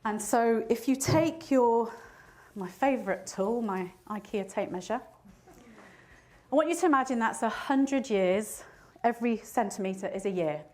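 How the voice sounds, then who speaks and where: A woman's voice: fairly high pitch, measured pace, darkish tone. A woman in her fifties giving a motivational talk, telling a personal story and laughing at herself now and then. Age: 50s. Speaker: motivational speaker.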